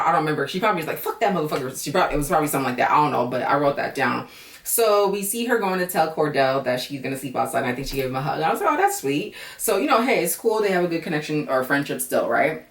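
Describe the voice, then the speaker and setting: Animated swearing woman in an echoey room. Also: lowish voice, distant mic. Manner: animated, swears freely, talks to viewers as girl and y'all. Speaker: reality show recap vlogger. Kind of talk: casual profane commentary. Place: home room, camera on battery. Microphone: camera mic from a distance.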